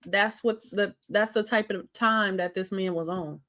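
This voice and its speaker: A woman's voice: medium pitch, fairly even intonation, measured pace, bright, forceful tone. A woman co-hosting a reaction show, teasing and laughing often as she sets up the clips. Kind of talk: casual reaction commentary.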